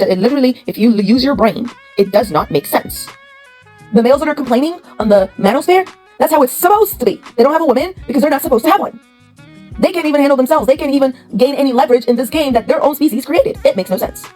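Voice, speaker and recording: Woman host, rapid delivery, blunt lecturing tone, rhetorical questions, faint music underneath. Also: fairly high pitch, darkish tone, low-quality recording. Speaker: commentary channel host. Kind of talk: opinion commentary to camera.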